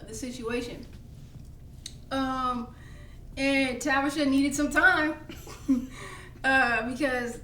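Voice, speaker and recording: Woman co-host, thoughtful and halting, higher voice, distant echoey mic. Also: a bit bright. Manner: measured, reflective, many fillers. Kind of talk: casual podcast conversation. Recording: roomy, distant mic with faint noise.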